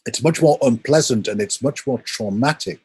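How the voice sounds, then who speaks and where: 一位嗓音略带沙哑的男士，作为访谈嘉宾娓娓道来，边思考边讲故事，录音干燥、没有回声。. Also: male voice, mid-range voice, animated, normal speed, a little mellow, slightly rough, dry recording. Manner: thoughtful, storytelling, explains at length. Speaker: interview guest. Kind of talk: reflective conversational talk.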